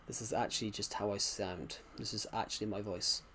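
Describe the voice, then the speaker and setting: A young man streaming a game, talking in a soft, quiet, subdued voice as he chats casually. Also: fairly low pitch, steady tone, a little fast, slight background noise. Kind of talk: casual gameplay commentary.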